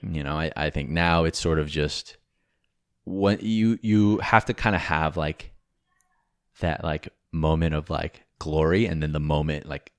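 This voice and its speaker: A man's voice: a bass voice, fairly even intonation, unhurried, dry recording, studio quality. A man co-hosting a podcast, giving rambling, frank advice with casual swearing and jokes. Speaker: podcast co-host.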